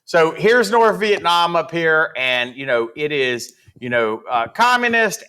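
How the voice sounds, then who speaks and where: Brief: high, animated male history teacher, casual and chatty, lots of "you know" and "uh". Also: noisy background. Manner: casual, chatty, many fillers, acts out quotes. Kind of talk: recorded classroom lecture.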